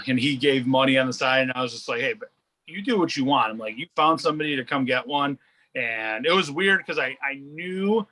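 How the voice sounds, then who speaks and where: A man's voice: medium pitch, sharp tone, rough recording. A man telling a story as a guest on a casual podcast, rambling with many restarts and quoted asides.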